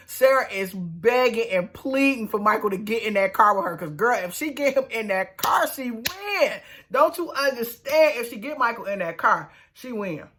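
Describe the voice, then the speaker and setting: A woman's voice: normal speed, few pauses. Sassy slangy woman recapping reality TV. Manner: animated, acts out quotes in loud high voices. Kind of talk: casual recap commentary.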